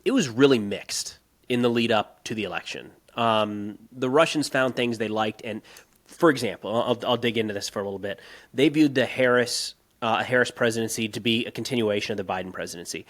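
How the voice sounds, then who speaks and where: A man co-hosting a podcast, talking through politics casually and turning animated and emphatic as he rants. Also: mid-range voice, fairly quick. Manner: animated, rising to emphatic outbursts when ranting; conversational with frequent restarts. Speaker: podcast co-host.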